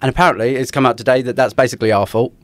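A man co-hosts a casual podcast and delivers dry jokes at a brisk clip. His voice sits at a middling pitch for a man. The recording is close, with no room sound. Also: fairly even intonation, no room sound. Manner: dry, joking, quick delivery. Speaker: podcast co-host. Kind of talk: casual chat.

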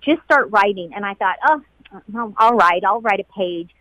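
A woman who was a flight attendant, being interviewed about a painful day. She talks in a halting, emotional way and often repeats herself. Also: mid-range voice, lively intonation, fairly bright tone, dry recording. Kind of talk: emotional personal recollection. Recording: dull lo-fi sound.

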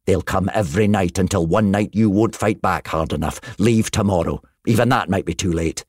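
A man's voice: low-pitched, normal speed, a little mellow, no echo, clean studio sound. A man voicing a wise, stern old sage who urgently warns the villagers in a storybook reading. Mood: grave. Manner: warning, emphatic.

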